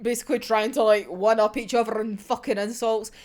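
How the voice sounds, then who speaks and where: A woman's voice: a little high, fairly even intonation, a little fast, darkish tone. A young woman in casual, sweary reaction chat, giggling often as she talks. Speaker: manga reaction vlogger.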